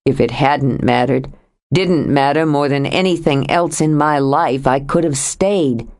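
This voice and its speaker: A woman voicing a troubled grown man who speaks in a low, steady, earnest way as he confesses to his lover in an audiobook. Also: unhurried. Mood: earnest, pleading. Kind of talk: audiobook character voice.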